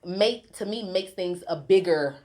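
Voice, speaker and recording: A woman's voice: lowish voice, measured pace, darkish tone, a little hiss or hum. A woman hosting a casual podcast chat, laughing easily and talking her points through aloud. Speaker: podcast host.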